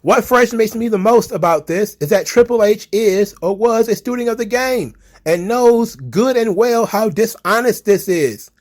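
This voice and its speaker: A man's voice: high-pitched, animated, measured pace, hardly any pauses. A young man with a slightly raised voice riffs on viewer comments about wrestling history. He is sarcastic and laughs often. He swears casually as he talks. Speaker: wrestling commentary channel host.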